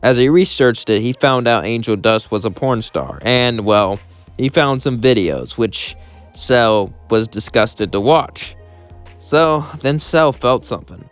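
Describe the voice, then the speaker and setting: A man's voice: medium pitch, animated, unhurried, fairly bright tone, faint music behind. A man narrating a fan story in a loose, rambling way.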